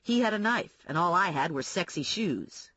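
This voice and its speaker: Wry first-person audiobook narrator, woman, husky and lively in pitch. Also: moderate pace, no echo, lo-fi sound.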